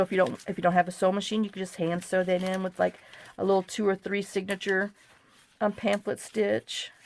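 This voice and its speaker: Gravelly-voiced chatty woman. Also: medium pitch, slight background noise. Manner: rambling, chatty and apologetic. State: overcaffeinated. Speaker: craft journaling vlogger. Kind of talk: casual crafting tutorial chat. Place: home craft desk.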